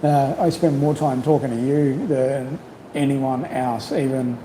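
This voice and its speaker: A man hosting a casual livestream chat, rambling and reflective, full of "you know", his voice slightly croaky from long talking. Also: mid-range voice, steady tone, a little slow, mellow, a little hiss or hum, rough recording. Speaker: livestream host. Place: home in Cambodia.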